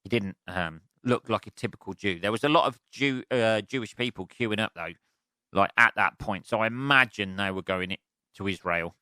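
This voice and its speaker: A man's voice: fairly low pitch, normal speed, pushed and bright, clean tone, no echo. An English man hosting his own podcast, ranting alone in a loose, sweary, rambling way and mocking other people's voices. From England. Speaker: podcast host. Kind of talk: solo comedic rant.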